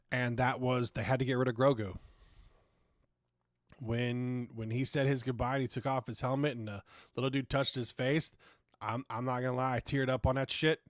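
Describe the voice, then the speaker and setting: Clean studio sound and a dry recording capture this podcast host's medium-pitched voice as he rants with sarcasm, curses liberally, and keeps starting his sentences over.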